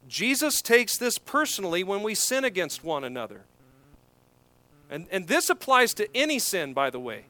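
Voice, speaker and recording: A man preaching an expository sermon, emphatic, swelling louder on key points. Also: high voice, very animated, moderate pace, dry recording. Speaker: pastor.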